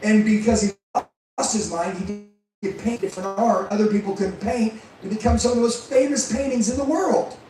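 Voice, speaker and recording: A man's voice: sits high, brisk, music in the background. A man giving an intense, profane motivational speech to a live audience, firing rhetorical questions at the crowd. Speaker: motivational speaker and sales trainer. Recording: very echoey room, mic far off.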